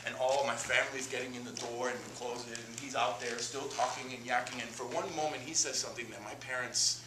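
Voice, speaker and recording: A man from Miami performing an animated, self-mocking comic monologue on a theater stage. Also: mid-range voice, brisk, distant mic. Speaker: solo performer. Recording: roomy stage taped from afar, noisy.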